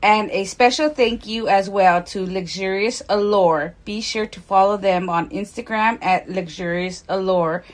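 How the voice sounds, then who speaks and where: A woman reading sponsor messages for a podcast in an even, scripted delivery. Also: mid-range voice, a little slow, few pauses. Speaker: sponsor announcer.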